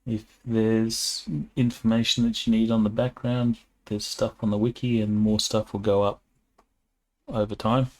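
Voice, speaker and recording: A man running a tabletop game session, talking casually in a relaxed way, with frequent hesitant fillers. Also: fairly low pitch, a little slow. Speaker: game master.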